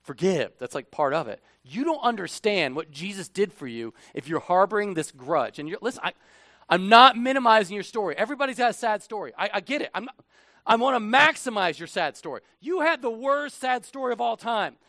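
Animated man preaching a sermon. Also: high-pitched, a little fast, dry recording. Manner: animated, swings from hushed asides to loud emphatic bursts. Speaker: pastor. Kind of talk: conversational sermon.

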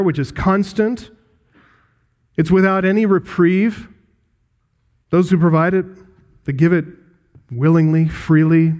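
A man's voice: fairly high pitch, darkish tone. A man pastor preaching an expository sermon, earnest, with rhetorical questions to the congregation.

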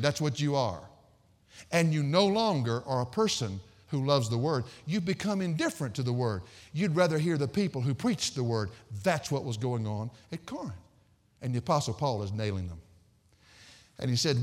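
A man's voice: fairly high pitch, in a large hall. A man preaching an expository sermon, emphatic and storytelling, repeating phrases for stress.

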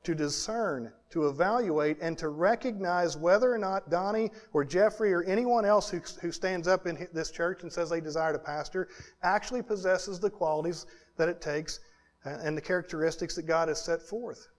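A pastor delivers an earnest sermon, building his points through lists and repetition and sometimes sinking into a hushed tone. His voice is high-pitched and moves at a moderate pace.

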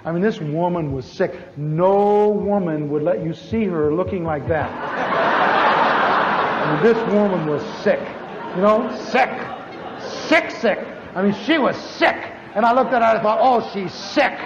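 A man preaching a sermon as a story, animated and acting out the voices of the people in it. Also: unhurried. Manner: animated, acts out dialogue with big pitch swings. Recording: echoey hall, dull lo-fi sound with faint noise.

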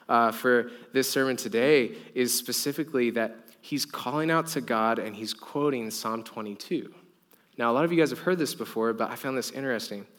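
Young guy pastor preaching, kinda high voice, earnest and chatty. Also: fairly bright tone. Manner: earnest, conversational preaching with fillers. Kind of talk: sermon.

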